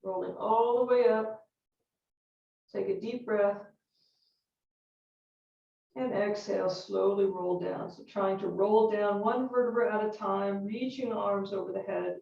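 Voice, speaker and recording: A woman teaching a yoga class, calmly cueing each movement and breath while counting repetitions. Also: medium pitch, measured pace, vocal fry, pauses often. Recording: roomy, distant, dull-sounding studio recording.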